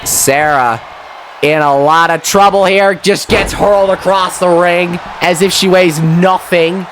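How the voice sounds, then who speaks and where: A young man giving excitable play-by-play commentary on a wrestling match, with mild swearing and quick self-corrections. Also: high-pitched, slight background noise. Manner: excitable, swears mildly, laughs at own slips. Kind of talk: solo play-by-play commentary of a video game match.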